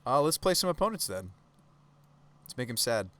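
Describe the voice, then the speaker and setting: A man's voice: mid-range voice, sing-song, moderate pace, fairly bright tone. A man streaming a card game live, giving casual, chatty commentary and tossing questions to his chat.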